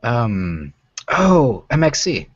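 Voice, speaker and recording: A man's voice: mid-range voice, sing-song, very slow, husky, dry recording, muffled recording. An American man in his twenties hosting a casual chat, rambling and profane with many fillers. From United States. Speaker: host.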